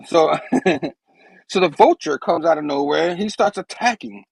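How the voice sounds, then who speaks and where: A man's voice: a little high, a little slow, creaky, breathy edge, dry recording, low-quality recording. A man hosting a show, casually retelling a comic book with laughs and rambling asides. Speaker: host.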